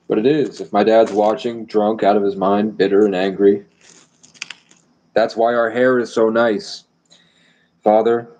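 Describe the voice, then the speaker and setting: A man's voice: lowish voice, a little mellow, low-quality recording. A man rambling boastfully and provocatively on a live stream.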